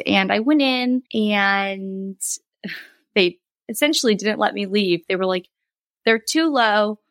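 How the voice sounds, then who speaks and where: A woman's voice: mid-range voice, a bit bright, no room sound. A woman in her thirties, a guest telling a personal story in a candid, rambling way, with laughs and quoted asides. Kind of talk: casual interview storytelling.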